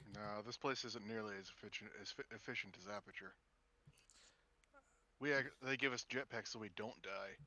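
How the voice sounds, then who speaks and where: A man's voice: on the low side, normal speed, bright, forceful tone. A man making wry quips while playing a multiplayer game. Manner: wry, quipping.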